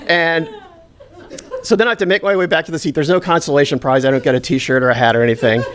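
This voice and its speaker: A man telling a humorous personal story on stage to a live audience, with a self-deprecating, animated delivery. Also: on the high side, fast talker, slight background noise.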